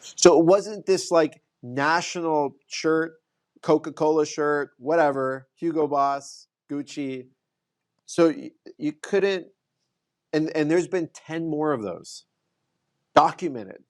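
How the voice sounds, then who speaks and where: A man's voice: on the high side, slow, no echo, studio quality. A man who is a podcast guest, in casual conversation, telling an earnest story with frequent restarts.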